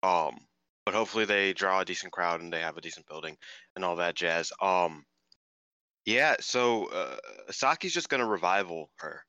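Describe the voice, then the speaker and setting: A very deep-voiced man rambling through casual podcast chat and swearing freely. His tone is strikingly sharp and forward. His voice sounds smooth and resonant, even as he trips over his words. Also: moderate pace, dry recording, dull audio. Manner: rambling, swears freely, lots of fillers and restarts. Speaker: podcast co-host.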